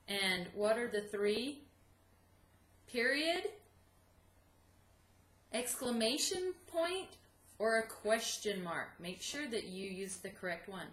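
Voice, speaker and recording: A woman teaching a video lesson to second graders, dictating sentences slowly and clearly and cheering the children on. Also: on the high side, big pitch swings, fairly bright tone, roomy sound. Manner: slow, clear dictation, encouraging. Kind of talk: video lesson for young students.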